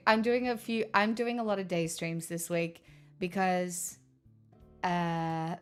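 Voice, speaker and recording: A woman's voice: medium pitch, clear, resonant tone. A woman streaming live, chatting casually and answering her chat's questions aloud. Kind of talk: casual chat reading stream chat.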